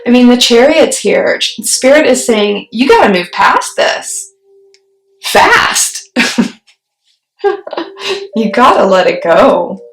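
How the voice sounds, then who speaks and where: A woman reading tarot cards in an unhurried, reflective way, pausing often to ask spirit questions between cards. Her fairly high voice carries a gravelly fry. The recording sits in a roomy, echoey space. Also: expressive. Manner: slow, musing, talks to spirit mid-reading. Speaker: tarot reader. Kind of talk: solo tarot reading to camera. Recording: roomy echo.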